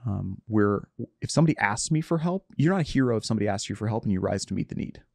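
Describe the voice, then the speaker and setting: A man's voice: on the low side, animated, fast talker, creaky, no room sound, clean studio sound. A middle-aged man in reflective conversation, earnest and self-searching, often trailing off and restarting his sentences.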